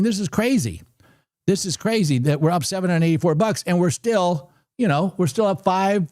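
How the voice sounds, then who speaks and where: Excitable man hosting a live stream. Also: high voice, dry recording, clean studio sound. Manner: excitable, talks to viewers and chat; chatty, repeats numbers aloud. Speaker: livestream trading host. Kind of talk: casual live-stream commentary.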